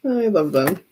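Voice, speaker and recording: A woman tarot reader talks through a casual reading with a fairly high voice. She speaks at an unhurried pace and keeps dissolving into giggles. Her delivery stays relaxed and chatty. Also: slightly rough. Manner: giggly, often breaks into laughter.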